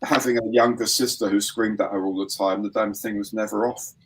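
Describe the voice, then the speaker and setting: A man's voice: lowish voice, fairly even intonation, a little fast, slight background noise, poor audio. An older man chatting on a hobby livestream, telling wry, grumbling stories about home life. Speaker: co-host on a modelling stream. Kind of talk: casual group chat on a modelling stream.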